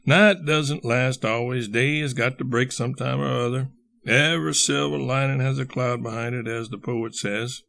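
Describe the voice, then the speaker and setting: Bluff, boisterous old colonel, put on by a male reader; gravelly, loud bursts. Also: medium pitch, steady tone, normal speed, no echo. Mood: hearty. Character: exuberant, bluster-prone older male colonel and schemer.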